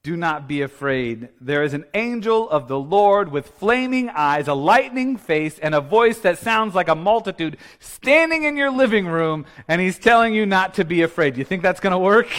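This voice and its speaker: A man's voice: high-pitched, animated, normal speed, a bit bright. A man preaching a sermon as the church's pastor, talking in a casual, joking way and often laughing at his own remarks. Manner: conversational and playful, laughing often.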